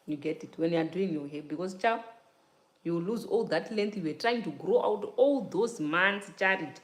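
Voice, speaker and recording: A woman's voice: fairly low pitch, animated, moderate pace, roomy sound. A young adult woman chatting casually with viewers during a hair-care livestream, laughing often and asking "you get it?". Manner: repeats "you get it?" and "child". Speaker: natural hair vlogger. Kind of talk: casual livestream chat while taking down braids.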